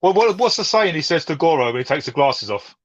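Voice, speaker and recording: A man's voice: on the high side, animated, quick pace, no echo, muffled recording. A man from England chatting as a stream guest, enthusiastic and stumbling over restarts. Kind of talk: casual chat.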